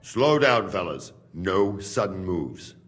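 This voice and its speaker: A man voicing a stubborn, loyal guard from Buda who speaks calmly and firmly, with quiet threat, in a game cutscene. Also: deep voice, slow, heavily acted. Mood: tense. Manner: calm, firm and threatening. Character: stubborn, loyal male guard holding captives. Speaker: a king's guard.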